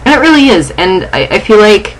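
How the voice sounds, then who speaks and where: A woman's voice: mid-range voice, sing-song, slight background noise, poor audio. Shaken, angry young woman vlogging. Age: young adult. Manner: agitated, halting, restarting sentences. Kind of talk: casual vlog. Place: dorm room.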